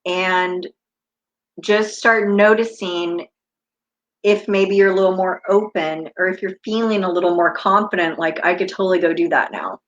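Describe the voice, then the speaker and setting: A chatty woman in her fifties hosts a spiritual live stream, her voice sitting a little low. She wanders off on tangents as she talks to her viewers, and the stream audio sounds slightly dull and lo-fi. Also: fairly even intonation, normal speed. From United States. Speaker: intuitive coach hosting a live stream.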